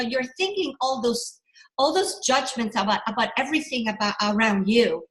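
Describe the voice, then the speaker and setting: Middle-aged female coach, higher voice, rambling and animated, echoey room. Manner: animated, rambling, with restarts and self-corrections. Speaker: business coach. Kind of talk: motivational workshop talk.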